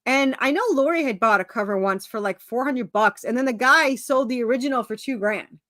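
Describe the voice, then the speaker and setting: A fairly high-voiced woman talks as a guest on a video call. She rambles cheerfully through fillers and restarts and pokes fun at herself. The sound is dry and close, with no room around her. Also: a little fast, fairly bright tone, no echo. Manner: self-mocking, laughs at herself. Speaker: indie comic creator, interview guest. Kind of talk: casual video-call chat.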